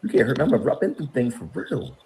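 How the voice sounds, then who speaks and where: A man's voice: mid-range voice, huge pitch swings, fast talker, darkish tone, slight background noise. A middle-aged man in an interview, ranting in a mocking, exasperated way and laughing between jabs. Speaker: interview guest. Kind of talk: heated call-out rant.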